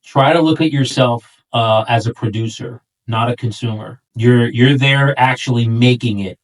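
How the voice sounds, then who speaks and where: A middle-aged man with a New York accent, coaching a newer agent in a relaxed chat and acting out client talk along the way. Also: moderate pace, far from the mic, rough recording. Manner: easygoing, acts out client lines in a higher voice. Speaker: real estate coach. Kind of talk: casual role-play coaching chat.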